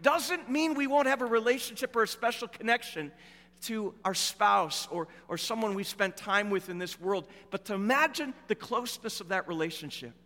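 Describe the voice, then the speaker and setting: A middle-aged man preaching a sermon as a pastor, telling stories in a relaxed, conversational way with fillers. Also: high voice. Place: church. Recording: echoey church hall with long reverb.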